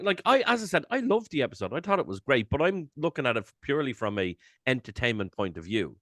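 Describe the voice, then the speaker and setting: A man co-hosting a casual podcast chat, animated, swearing and acting out his own reactions. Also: medium pitch, fast, few pauses, dry recording, clean studio sound. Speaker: podcast co-host.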